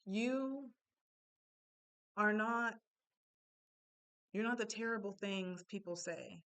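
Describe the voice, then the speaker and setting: A woman's voice: mid-range voice, takes it slowly, a bit bright, smooth. A young adult woman giving a casual, chatty self-help talk, candid and full of asides.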